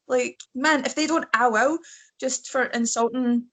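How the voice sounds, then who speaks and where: A young Scottish woman, a wrestler, chatting casually as a podcast guest with lively storytelling. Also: sits high, unhurried. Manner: lively storytelling, mimics other people's voices. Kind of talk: casual chat.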